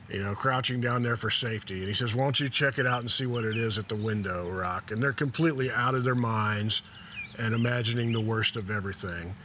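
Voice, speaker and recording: A man's voice: medium pitch, pushed and bright, slight background noise. A laid-back man telling a story in a casual style, reading passages from a memoir and laughing at his own attempts at the characters. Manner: laid-back and self-deprecating, laughing as he reads.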